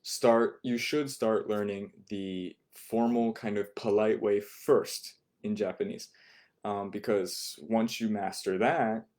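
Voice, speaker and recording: Low-voiced man teaching a language lesson. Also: fairly even intonation, darkish tone. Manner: patient, models pronunciation slowly and repeats words.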